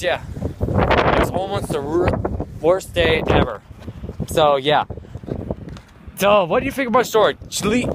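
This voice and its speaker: A man telling a meandering story into his phone while outside in the cold, leaning on "of course" in nearly every sentence. His voice sits a little higher than most men's. Heavy wind roars across the mic the whole time. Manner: rambling, constantly repeats "of course". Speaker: vlogger. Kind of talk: casual rambling story vlog. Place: outdoors in the cold, walking. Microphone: handheld phone.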